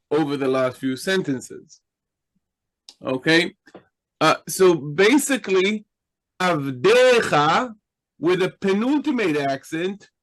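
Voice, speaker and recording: A man's voice: a little high, rough recording. A man teaching a class in a patient, explanatory way, asking his students questions. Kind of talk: slow, deliberate Hebrew grammar lesson.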